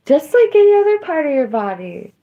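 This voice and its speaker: A woman live streamer chatting casually to her viewers. She rambles loosely, mocks herself and breaks into squeals and yells. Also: high voice, lo-fi sound. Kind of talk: casual livestream chat.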